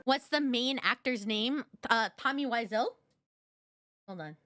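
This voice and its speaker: A woman's voice: a little high, unhurried, a bit bright, soft background music. A woman streamer chatting casually with her viewers, giggly and rambling, with lots of fillers. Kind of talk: casual reaction chat.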